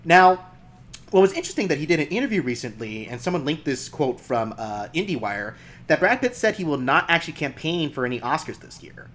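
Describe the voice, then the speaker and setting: A man's voice: on the high side, big pitch swings, a little fast, a bit bright. A man hosting a casual film podcast, chatty and laughing often as he talks. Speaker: podcast host.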